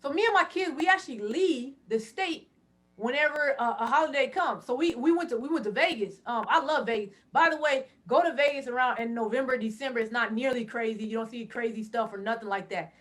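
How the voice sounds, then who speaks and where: High-voiced lively woman storyteller. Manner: loud, laughing, quick asides. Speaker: podcast guest. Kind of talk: animated storytelling.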